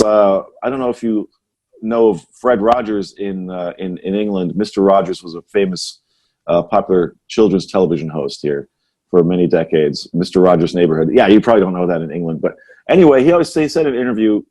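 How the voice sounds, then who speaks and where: Low husky man musing. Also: a little fast, darkish tone. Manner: rambling, musing, repeats "right?". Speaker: podcast host. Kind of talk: casual conversational chat.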